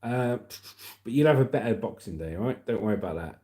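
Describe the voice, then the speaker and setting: Hosting a relaxed livestream, this man from Britain talks fast in an expressive, medium-pitched voice with a dark tone. He's chatty and upbeat as he reads viewer comments aloud, addressing people as "mate" and "legend."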